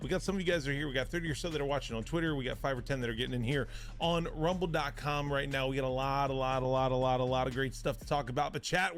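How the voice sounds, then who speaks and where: A man hosting a live sports podcast, talking excitedly and repeating words for emphasis. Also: on the high side, a little hiss or hum. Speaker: podcast host.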